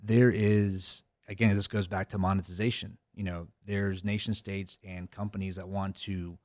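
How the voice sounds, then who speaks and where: A man's voice: low-pitched, flat delivery, normal speed, dry recording, studio quality. A middle-aged man, a company head, talking casually as a podcast guest, rambling with many fillers and restarts. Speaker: cybersecurity company CEO, guest. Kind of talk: casual interview talk.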